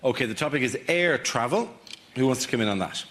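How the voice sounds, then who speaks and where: A man hosting a comedy panel show, briskly announcing each topic and calling on the comedians. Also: mid-range voice, animated, very noisy. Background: studio audience.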